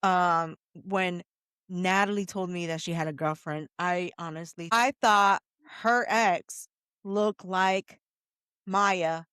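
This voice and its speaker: A woman co-hosting a podcast in a studio, chatting in a low-key way that is full of fillers. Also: steady tone, takes it slowly, fairly bright tone, clean tone, no room sound. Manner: low-key, lots of "you know" and "um" fillers. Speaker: podcast co-host. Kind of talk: casual chat.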